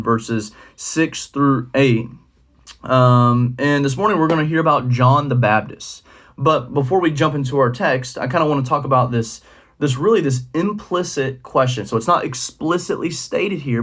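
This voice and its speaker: Casual young male youth pastor. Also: mid-range voice. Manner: relaxed and conversational, with many fillers. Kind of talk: casual devotional talk.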